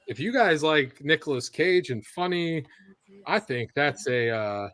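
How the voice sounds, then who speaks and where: With a slightly high voice, lively intonation, and a fairly bright tone, this sports show co-host talks in an unhurried manner in a dry recording. His live-stream chat is casual and meandering, and he monitors a TV feed through a headset or earpiece.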